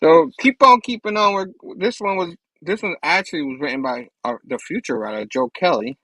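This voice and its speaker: A man's voice: a little high, animated, normal speed, fairly bright tone, no echo, poor audio. A man co-hosting a comic book show, chatting in an easygoing, hesitant way. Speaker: comic book podcast co-host. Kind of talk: casual chat.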